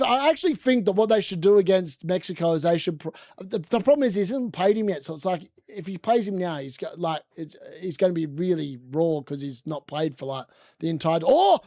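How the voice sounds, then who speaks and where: Gravelly high-voiced man, watchalong host. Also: no echo, studio quality. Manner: excitable, bursts into shouting at goals. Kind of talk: casual live match commentary.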